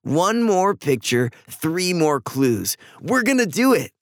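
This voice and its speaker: Man doing a cocky little boy, high, bouncy and eager. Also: big pitch swings, takes it slowly, no room sound, full character voice. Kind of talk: storybook reading.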